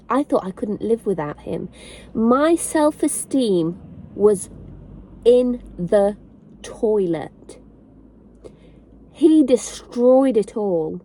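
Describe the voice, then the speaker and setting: An earnest woman with a fairly high voice speaks straight to camera. She keeps asking her listeners the same pointed questions and slows down to lean on the lines that matter most. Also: expressive, darkish tone. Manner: earnest, direct, repeats rhetorical questions to listeners; slow and deliberate on key lines. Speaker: online faith and relationship advice creator. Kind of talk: heartfelt personal talk to camera.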